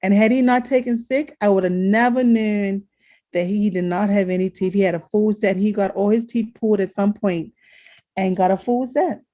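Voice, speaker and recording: A woman co-hosting a podcast, telling a family story in casual chat, animated and laughing often. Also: normal speed. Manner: animated, laughs often, jumps high when quoting herself. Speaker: podcast co-host.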